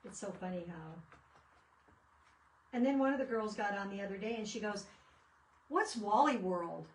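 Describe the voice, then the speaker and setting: A woman's voice: mid-range voice, fairly quick, a little mellow. Chatty woman in an echoey room. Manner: chatty, rambling storyteller. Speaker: craft video host. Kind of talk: casual crafting chat. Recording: echoey room, mic at a distance.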